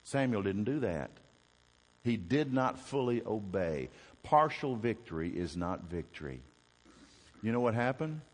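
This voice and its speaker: A man preaching a sermon as a Baptist preacher, telling the story with animated questions to the congregation. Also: lowish voice, a little slow, long reverb tail.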